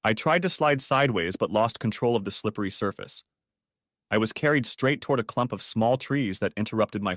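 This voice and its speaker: An older man narrating a first-person audiobook story in a steady, even way. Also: fairly low pitch, no room sound, clean studio sound.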